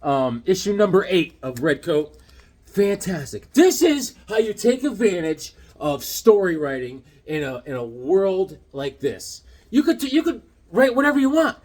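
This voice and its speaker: A man's voice: high-pitched, unhurried. A man chatting casually on his comic book channel, rambling through stories and doing voices. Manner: rambling, animated storytelling with voices. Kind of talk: casual vlog chat.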